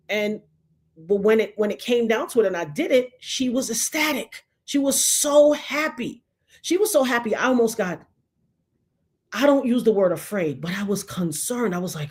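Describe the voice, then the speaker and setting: A woman's voice: medium pitch, brisk. A woman, telling a personal story dramatically, acting out the voices of the people she quotes and repeating lines for emphasis.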